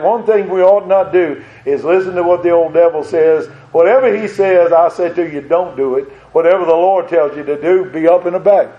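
High-voiced man preaching, dull lo-fi sound. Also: normal speed, hardly any pauses, warm tone. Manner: earnest, repeats phrases, asks the listeners direct questions. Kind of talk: sermon. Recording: dull lo-fi recording.

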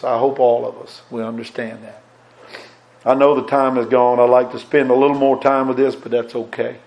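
A man preaching a sermon in a folksy way, reading scripture aloud and swinging between loud emphasis and soft asides. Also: mid-range voice.

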